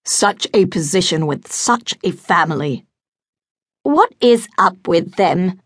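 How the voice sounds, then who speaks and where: A woman's voice: fairly low pitch, animated, takes it slowly, breathy edge, no room sound, studio quality, exaggerated voice. A woman voicing a haughty young duke. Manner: imperious, demanding.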